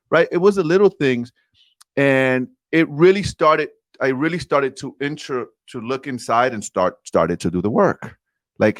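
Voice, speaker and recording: A man in his forties, mid-pitched, talks with conviction and leans on his words for emphasis. He tells his personal story candidly and calls the listener brother. The recording is dry and close, with no room sound. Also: moderate pace, no room sound. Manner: earnest, emphatic, addresses the host as brother. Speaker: podcast guest.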